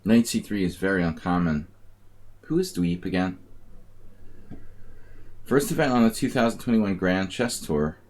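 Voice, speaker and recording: A man's voice: low voice, lively intonation, measured pace, pauses often, darkish tone. A man streaming live chess games and talking through his moves with wry, rambling, grumbling asides. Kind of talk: live-stream commentary while playing.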